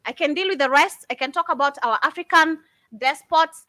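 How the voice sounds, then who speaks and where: A woman's voice: sits high, a little fast, bright, forceful tone, no echo. A woman giving impassioned commentary, fiery and indignant, firing off rhetorical questions. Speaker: commentator reacting to videos.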